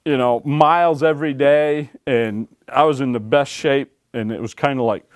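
A man, an author and former game warden, telling stories to a library audience in a folksy, animated way, acting out quotes and laughing along. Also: medium pitch, moderate pace, no echo, studio quality. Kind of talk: storytelling talk to an audience. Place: library talk room.

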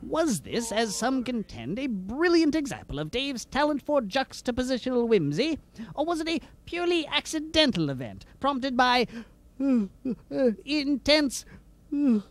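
A man's voice: very high-pitched, sing-song, moderate pace. A man giving a mock-serious documentary narration that stumbles over its words.

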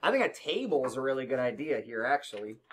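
Male math teacher, classroom lesson, brisk and encouraging with a joking streak. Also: mid-range voice, very animated, noisy background. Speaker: middle school math teacher.

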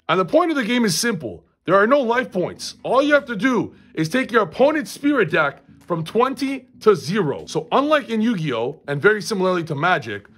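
A man's voice: high-pitched, fairly bright tone. A young man hosting a gaming vlog, hyped and boastful as he explains a card game. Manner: hyped, boastful, fast-talking. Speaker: gaming YouTuber host.

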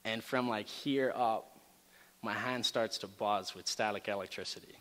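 A man telling a story in a casual, animated way to a campus gathering, with lots of fillers and asides. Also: lowish voice, measured pace. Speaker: campus ministry speaker. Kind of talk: storytelling sermon talk. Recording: reverberant hall.

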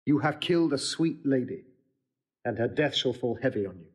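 An actor playing a grave soldier-lord who speaks in a cold, measured, earnest way in a stage play recording. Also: male voice, medium pitch, expressive, breathy edge. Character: grave male soldier-lord issuing a challenge.

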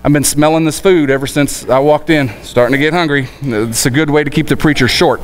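A man preaching a sermon in a folksy, animated way, often voicing the people in his stories. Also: on the high side, a little fast, a little hiss or hum, low-quality recording. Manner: folksy, animated, acts out quoted voices.

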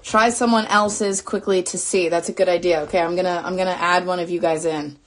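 A young woman hosting a casual live stream, flustered and excitable as she talks to her viewers. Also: lowish voice, a little fast.

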